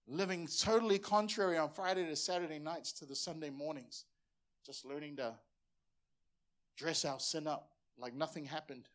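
A man's voice: on the high side, normal speed. A man in his forties from Samoa, a pastor preaching a sermon in an earnest, passionate way and often repeating words as he presses a point.

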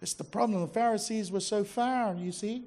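High-voiced emphatic male preacher. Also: normal speed, a little hiss or hum. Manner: conversational, emphatic, drops to quiet intensity for quoted lines. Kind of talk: sermon. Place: church service before a congregation.

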